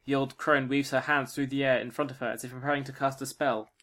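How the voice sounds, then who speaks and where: A man runs a tabletop adventure, reading narration and breaking into jokes and laughter. His voice sits at a mid pitch. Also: little pitch movement, quick pace, a bit bright. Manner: joking, playful, laughs often. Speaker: game master. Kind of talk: narrating a tabletop game with banter.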